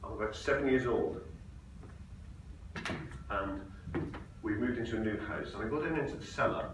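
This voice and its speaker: A man presenting at a conference, telling a client story in a relaxed, matter-of-fact way. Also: lowish voice, normal speed. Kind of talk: conference talk with anecdotes. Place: conference hall. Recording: very echoey hall, distant mic, noisy.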